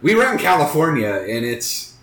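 A man's voice: on the high side, very animated, fairly quick, fairly bright tone. A man telling a long story in casual chat, rambling and swearing, acting out other people's lines. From Northeast Ohio. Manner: rambling storyteller, profane, acts out quotes. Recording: echoey room.

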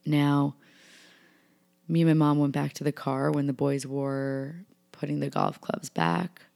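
Gravelly young woman telling a story. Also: low-pitched, unhurried. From New York. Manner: animated retelling with acted-out quotes and many fillers. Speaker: vlogger. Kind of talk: personal storytelling.

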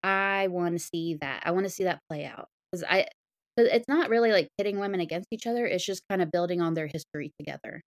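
Expressive young woman in casual chat. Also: fairly low pitch. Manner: expressive, acts out imagined dialogue in quick voices. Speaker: podcast co-host.

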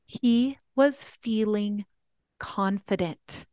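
A woman's voice: fairly high pitch, animated, takes it slowly, no echo, studio quality. A woman life coach hosting a podcast, telling family stories in an earnest, teaching way. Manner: earnest storytelling, reenacts family talks.

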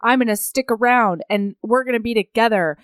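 A woman's voice: on the high side, clear, resonant tone, dry recording, studio quality. A woman casually retelling a novel's plot, animatedly acting out the characters' lines. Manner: animated, acts out characters' lines in quick voices. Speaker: podcast co-host recapping a novel. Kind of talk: casual book-recap chat.

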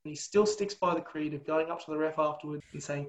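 A man talks with easy enthusiasm as a podcast guest, his voice sitting a touch high. His speech rings in an echoey room. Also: quick pace, hardly any pauses. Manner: enthusiastic, animated, laughs easily. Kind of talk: casual podcast chat.

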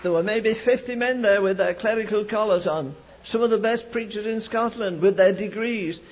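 A man preaching a sermon, telling a revival story in an animated way, slowing and rising for emphasis. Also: high-pitched, slight background noise. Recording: dull lo-fi recording.

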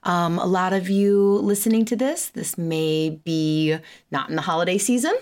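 A tired woman hosting her own podcast in a chatty, animated way, laughing often and swearing casually. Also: on the low side, normal speed. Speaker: podcast host and chiropractor. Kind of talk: casual solo podcast chat.

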